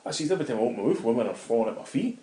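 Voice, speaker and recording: A middle-aged Scottish man, a guest in an interview, telling animated anecdotes in casual talk and swearing freely. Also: mid-range voice, racing. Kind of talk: casual storytelling. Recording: roomy echo.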